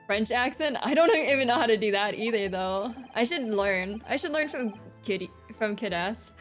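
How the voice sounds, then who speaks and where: A woman's voice: a little high, expressive, normal speed, few pauses, soft background music. A young woman streaming a game, chatting casually and giggling as she reads dialogue aloud. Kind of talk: casual chat while playing a game.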